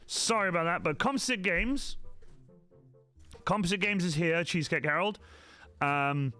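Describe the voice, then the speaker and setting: A young man with a fairly high, pushed, bright and clean-toned voice hosts a casual crafting livestream. He's chatty and apologetic, often saying sorry as he talks straight to chat.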